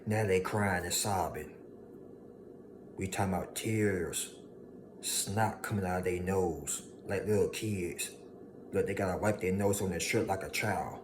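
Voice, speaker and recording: A man delivers an emphatic motivational monologue, hammering home his points by repetition. His voice sits low and deep. A steady hiss of background noise runs under it. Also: moderate pace. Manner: preachy, emphatic, repeats lines for effect, mocking voices of haters. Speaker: motivational speaker.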